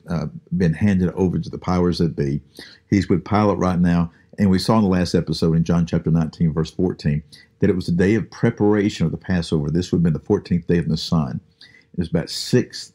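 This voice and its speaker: A man with a very low, dark and husky voice leads a daily Bible study podcast. He talks through the passage in a relaxed, conversational way. He pauses often with small fillers as he explains. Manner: relaxed, unhurried, with frequent "uh" pauses.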